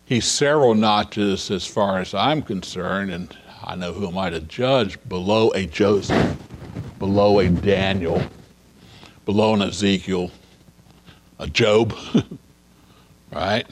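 A man's voice: sits low, takes it slowly, long pauses. A man teaching an informal Bible study, chatting through scripture scenes, asking his listeners rhetorical questions and paraphrasing the dialogue. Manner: conversational, asks listeners rhetorical questions and chuckles.

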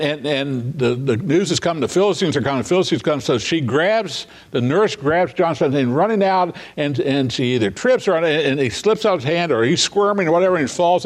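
A man teaching an informal Bible study, chatting through scripture scenes, asking his listeners rhetorical questions and paraphrasing the dialogue. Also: medium pitch. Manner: conversational, asks listeners rhetorical questions and chuckles.

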